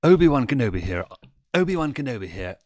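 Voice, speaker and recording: A man's voice: mid-range voice, big pitch swings, quick pace, darkish tone, no room sound, voice pushed up, natural voice. A man voicing a composed male space knight with a clipped, reassuring manner.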